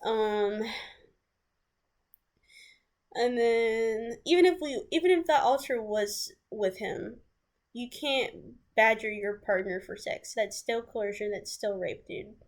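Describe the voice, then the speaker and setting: Candid woman telling a story, fairly high voice. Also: a little slow. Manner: casual and candid, breaks into laughs and sighs, restarts. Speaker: vlogger. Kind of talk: storytime vlog.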